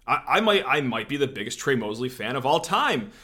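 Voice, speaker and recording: A man hosting a college football show, giving animated, sarcastic opinion commentary with frequent fillers. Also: medium pitch, brisk. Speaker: sports podcast host.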